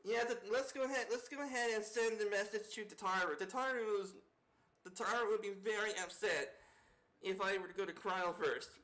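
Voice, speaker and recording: A woman's voice: medium pitch, normal speed, fairly bright tone. Chatty, laughing woman game streamer. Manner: chatty, laughing, joking reactions. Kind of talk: casual gameplay commentary.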